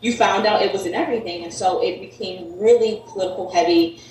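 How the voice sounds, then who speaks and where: A woman's voice: mid-range voice, quick pace, a little mellow, slight background noise. A woman from Connecticut, a podcast guest, chatting casually and rambling, with a lot of "like" and "um". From Connecticut, USA. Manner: rambling, heavy use of "like" and "um". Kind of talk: casual chat. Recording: echoey room, mic at a distance.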